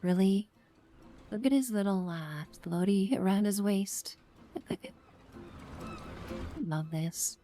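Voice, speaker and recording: A woman's voice: mid-range voice, slow, pauses often, warm tone. A woman streaming a game live, giving sarcastic, playful commentary with whispered asides. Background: game music.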